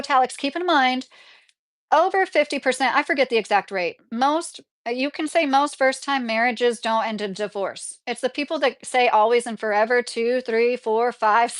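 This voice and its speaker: Reading viewer comments aloud and answering them, this woman keeps her casual livestream chatty and full of laughter. She speaks at a normal speed, her voice on the high side.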